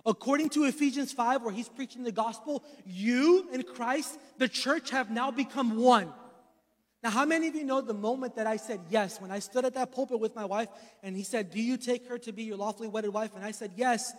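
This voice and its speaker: Pastor, male, 30s, unusually high voice, testimony-style sermon that builds to emphatic preaching, long hall reverb. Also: normal speed. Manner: storytelling, rising to emphatic preaching.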